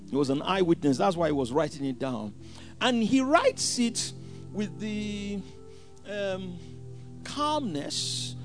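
A man preaching a sermon, swinging from hushed asides to shouted scripture quotes. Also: high voice.

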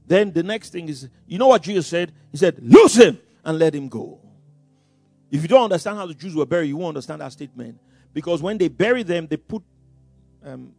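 A man preaching a sermon. He is dramatic, bursts out loudly, chuckles between phrases, and stumbles over repeated words. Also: on the high side, vocal fry, slightly rough, dry recording.

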